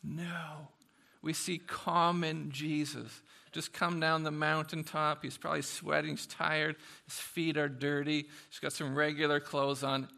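A man preaching a sermon in an animated, conversational way, swinging from soft asides to loud bursts. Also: on the high side, vocal fry. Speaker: pastor.

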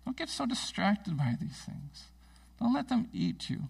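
A middle-aged male pastor giving a casual, conversational sermon in a church, self-deprecating and animated when he tells stories. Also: high voice, normal speed, gravelly, slightly rough, distant mic, rough recording. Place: church sanctuary.

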